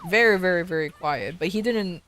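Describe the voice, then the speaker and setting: A woman streamer casually telling a story to her viewers, animated, often restarting and repeating words. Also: on the low side, brisk. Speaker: VTuber streamer.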